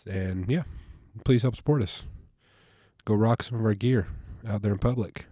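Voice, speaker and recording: A man's voice: on the low side, moderate pace, dark tone, dry recording, clean studio sound. A man hosting a podcast, talking in a laid-back, casual way with a stuffed-up nasal voice from allergies. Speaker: podcast host. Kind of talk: casual podcast intro and chat.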